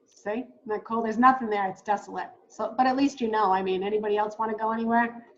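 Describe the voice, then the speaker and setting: A woman coaching new travel agents in a casual, excitable way, talking straight to viewers as "guys". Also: mid-range voice, fast, highs cut off. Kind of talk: casual teaching while screen-sharing.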